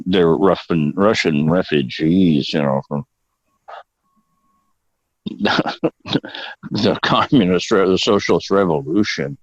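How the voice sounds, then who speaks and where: An older actor with a deep, low voice tells rambling, profane stories as a guest in a casual storytelling interview, drifting into digressions. The audio is dull, lo-fi, dry and close, with no echo.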